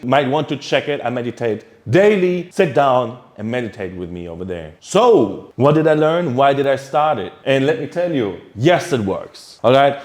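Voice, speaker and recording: Lively man coaching meditation. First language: German. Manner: earnest, coaching tone with frequent "all right?" check-ins; drops low and soft while guiding the breathing. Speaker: self-improvement vlogger. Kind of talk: talking to camera, teaching meditation.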